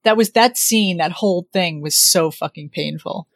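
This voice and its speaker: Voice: mid-range voice, moderate pace, a bit bright, dry recording. A speaker in casual podcast chat, emphatic, swearing and often laughing. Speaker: podcast co-host.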